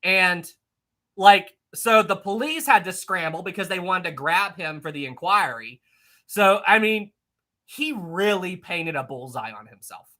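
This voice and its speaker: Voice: medium pitch, lively intonation, a little slow, pushed and bright. A young adult hosting a livestream, chatting casually about history, rambling and reading chat messages aloud. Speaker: livestream host.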